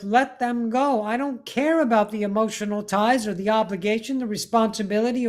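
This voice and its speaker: A woman giving a spiritual teaching monologue in a blunt, profane manner, repeating words for emphasis. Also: a little high.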